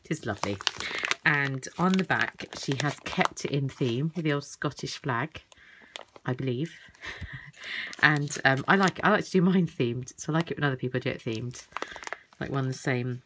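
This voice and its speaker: A woman with a very deep, low-pitched voice rambles cheerfully through a craft unboxing at home. Paper crinkles and a steady hiss sit behind her chatty asides. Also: moderate pace. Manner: rambling, warm-hearted chatter with little asides. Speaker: craft vlogger; works in a school with children. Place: home at night, indoors.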